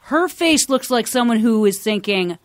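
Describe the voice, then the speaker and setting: A woman's voice: fairly high pitch, expressive, normal speed, dry recording, clean studio sound. A woman co-hosting a podcast, chatting casually and bluntly about what she noticed. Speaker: podcast co-host. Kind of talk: casual chat.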